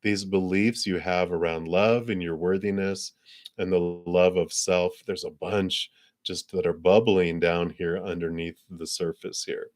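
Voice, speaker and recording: Deep-voiced man giving tarot readings. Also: flat delivery, a little slow. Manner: gentle and spiritual, chuckles often, uses fillers. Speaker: tarot card reader. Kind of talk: live-streamed card reading.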